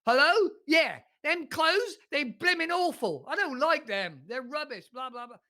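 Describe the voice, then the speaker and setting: A high, shouting, coarse caller, griping bluntly down the phone, as an interview host acts it out. The voice jumps well above the performer's usual pitch and stays loud and rough. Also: animated, measured pace, heavily acted. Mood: complaining. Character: rough uneducated British caller complaining about clothes.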